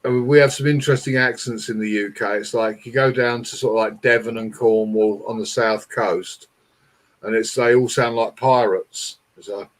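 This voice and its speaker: A chatty English man with a London and Essex accent talks casually on a panel. His voice is middle-pitched and easygoing, and he tells stories. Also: fairly even intonation. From England. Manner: chatty, storytelling, quick to laugh. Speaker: panel guest. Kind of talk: casual chat.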